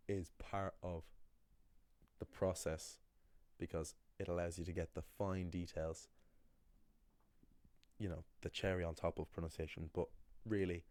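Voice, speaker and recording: A man teaching pronunciation in a casual video lesson, talking in an animated way and acting out the voices he quotes. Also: low-pitched, no echo. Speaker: language teacher.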